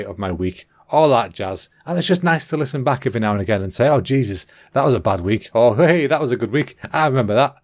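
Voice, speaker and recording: A man's voice: mid-range voice, a little mellow. An English man rambles through a solo comedy podcast in a mid-range voice. He is cheeky and sweary, and keeps going off on tangents. He stops now and then to correct himself. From England. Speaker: podcast host.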